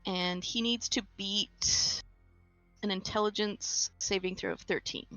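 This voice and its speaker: A woman's voice: medium pitch, steady tone, unhurried, sharp tone, dry recording, faint music behind, poor audio. A woman playing in a tabletop game, explaining her turn in a matter-of-fact way. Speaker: player. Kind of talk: casual tabletop game chat.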